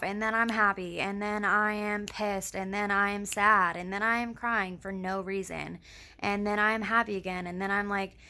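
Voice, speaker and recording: A young woman talks straight to her camera in a loose, rambling vlog, her lisp audible throughout. Her voice is bright with a tense edge and runs into gravelly fry, and she swears freely as her thoughts jump around. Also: mid-range voice. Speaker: vlogger. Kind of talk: casual personal vlog.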